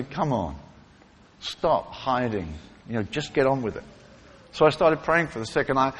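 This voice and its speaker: A man's voice: mid-range voice, fairly bright tone. A man preaching, telling healing stories in a conversational way and acting out the people he quotes. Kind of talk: sermon with testimony stories. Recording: reverberant hall with faint ambience.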